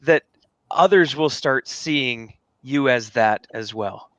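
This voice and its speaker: A man's voice: medium pitch, slow pace, no echo, highs cut off. A man hosting a conversational interview, eagerly jumping in with playful remarks. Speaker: host.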